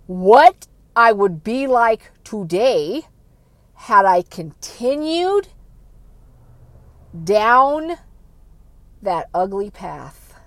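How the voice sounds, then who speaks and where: A woman's voice: fairly high pitch, no echo. A woman giving a blunt, self-critical monologue full of swearing, sometimes dropping almost to a whisper. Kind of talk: candid monologue.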